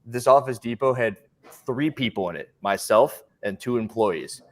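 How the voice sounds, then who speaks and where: A man co-hosting a podcast, telling stories in casual chat and acting out other people's lines in an animated way. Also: medium pitch, moderate pace. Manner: animated, acts out voices in his stories. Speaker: podcast co-host.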